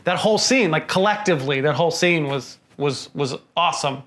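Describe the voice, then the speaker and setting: A man's voice: a little high, fairly quick, fairly bright tone. Stammering emphatic man in movie chat. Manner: emphatic, stammers and repeats himself. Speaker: podcast co-host. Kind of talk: casual movie review chat.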